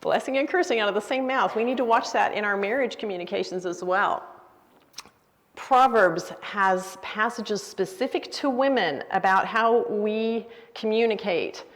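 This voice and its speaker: A woman's voice: mid-range voice, moderate pace. Older woman teaching in a hall. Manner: lively, with acted-out example phrases. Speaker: women's Bible study teacher. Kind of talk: teaching talk. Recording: reverberant hall.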